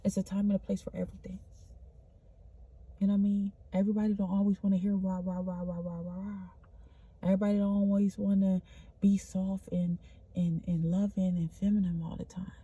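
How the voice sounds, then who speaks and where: In a spiritual motivational monologue, a woman vlogger delivers an earnest pep talk a little fast, repeating herself and addressing the listener as honey. Her mid-range voice is warm and slightly rough with little pitch movement, and she speaks spontaneously with loose restarts.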